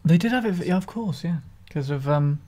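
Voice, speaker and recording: A man's voice: fairly high pitch, lively intonation, brisk, dark tone. A man guesting on a podcast in casual chat, offering short murmured interjections and dry asides.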